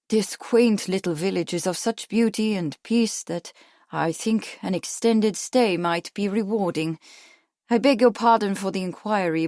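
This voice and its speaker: A woman voicing a stiff, formal gentleman with a pronounced foreign accent. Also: high voice, no echo, clean studio sound.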